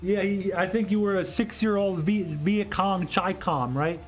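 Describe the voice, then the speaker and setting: A man's voice: high voice, measured pace, faint music behind. A man hosting a solo political commentary livestream, answering chat in an argumentative, rambling way and often repeating himself.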